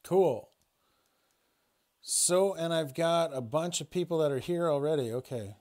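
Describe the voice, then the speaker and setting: A man's voice: fairly high pitch, measured pace, darkish tone. A man livestreaming from home, rambling and swearing freely with many restarts as he tells a personal story. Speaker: spiritual livestreamer.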